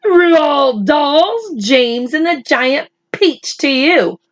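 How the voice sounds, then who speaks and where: A woman reading a chapter book aloud for children in a gentle, teacherly way, talking to the boys and girls. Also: high-pitched, lively intonation, drawn-out words, dull audio. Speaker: children's story reader. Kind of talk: read-aloud for kids.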